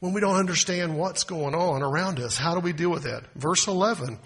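An American pastor with a bright, higher-pitched, husky-edged voice preaches a brisk, conversational sermon. He fires rhetorical questions at the congregation and slips into quoted voices to make his points.

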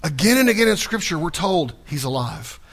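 A man's voice: fairly high pitch, big pitch swings, brisk, gravelly, fairly bright tone. A male pastor preaching a sermon in a conversational, folksy way, often restarting and repeating small words.

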